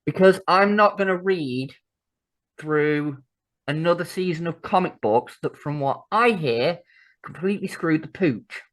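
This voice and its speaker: A woman's voice: low-pitched, lively intonation, measured pace. A woman co-hosting a podcast, chatty and sweary in casual talk. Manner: chatty and sweary, laughs often. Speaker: podcast co-host. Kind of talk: casual chat.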